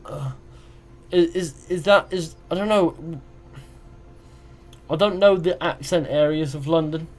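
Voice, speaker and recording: A man's voice: on the high side, measured pace, long pauses. A young man streaming a game live, chatting casually and reading viewers' questions aloud before rambling through his answers. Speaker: gaming streamer.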